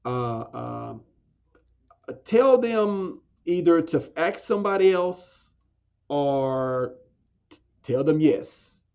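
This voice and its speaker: A man's voice: fairly high pitch, expressive, drawn-out words, vocal fry, pauses often, a little mellow, smooth, lo-fi sound. A man, a podcast guest telling a story in casual talk, often restarting and repeating phrases.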